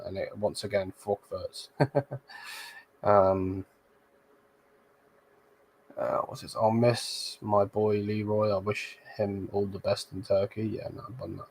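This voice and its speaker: A man's voice: on the low side, creaky. A young man hosting a football channel, chatting casually with viewers and reading their comments, blunt and slangy with some swearing.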